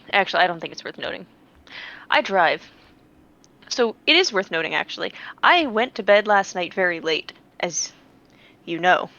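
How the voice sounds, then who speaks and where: A woman's voice: on the low side, sharp tone. A woman telling a story in casual chat. She is blunt and swears freely, and she acts out what other people said. The audio sounds dull and lo-fi. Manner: blunt, profane, quotes people. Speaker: player.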